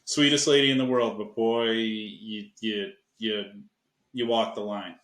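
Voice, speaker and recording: A man's voice: lowish voice, fairly even intonation, unhurried, a bit bright, echoey room. A man from Buffalo, New York, a podcast guest speaking casually and hesitantly with many fillers. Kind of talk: casual chat.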